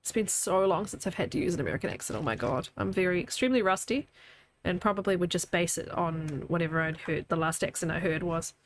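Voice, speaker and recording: A woman's voice: on the low side, animated, fast, slight background noise. Chatty Kiwi woman streamer. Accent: New Zealand with a slight Scottish tinge. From New Zealand. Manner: chatty, laughs often, reads chat aloud. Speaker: game streamer. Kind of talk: casual gaming commentary. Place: home room.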